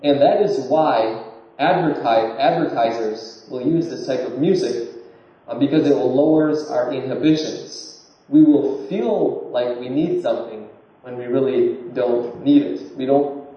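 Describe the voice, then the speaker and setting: A man with a mellow, low-key voice explains step by step, often stumbling and repeating words. He sounds far from the mic in a very echoey room, and the recording is dull and muffled. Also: a little slow. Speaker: lecturer. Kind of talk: informal explanatory talk. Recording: distant, muffled room recording with heavy echo.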